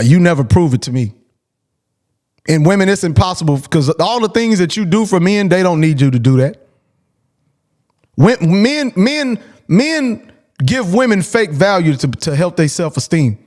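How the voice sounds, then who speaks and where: A man's voice: high-pitched, expressive, moderate pace, darkish tone. A man hosting a call-in show, talking casually and bluntly, repeating his points for emphasis. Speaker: host.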